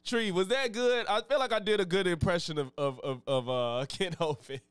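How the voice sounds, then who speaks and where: A man's voice: high-pitched, a little slow, clean tone, dry recording. A man hosting a live stream, chatting loosely and profanely in a rambling way. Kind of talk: casual live-stream reaction chat.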